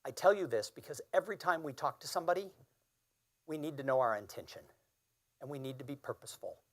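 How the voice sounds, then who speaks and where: A man's voice: on the high side, fast. A man in his fifties giving a keynote speech, telling a personal story in an earnest, emphatic way. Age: 50s. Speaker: keynote speaker.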